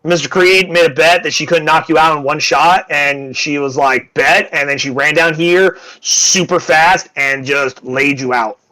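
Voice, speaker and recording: A man narrating a tabletop game as game master, voicing nervous crew members in quick lines. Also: fairly high pitch, steady tone, pushed and bright, rough recording.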